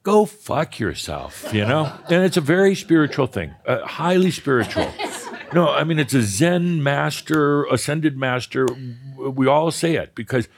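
A man's voice: on the high side, big pitch swings, measured pace, slight background noise. A man leading a live spiritual workshop with an audience, coaching a participant in a blunt, profane and often laughing way. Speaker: spiritual teacher leading a session.

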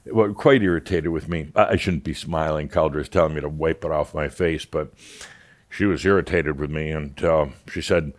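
A man's voice: rumbling low, moderate pace. A man speaking as a channeled spirit teacher, wry and theatrical, mimicking his callers with a chuckle.

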